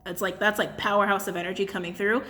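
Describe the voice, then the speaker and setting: A woman's voice: mid-range voice, little pitch movement, fast, bright, forceful tone. Chatty, blunt woman giving a reading. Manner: chatty, laughs often, blunt and swearing. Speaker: tarot and crystal reader. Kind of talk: casual channeled reading to camera.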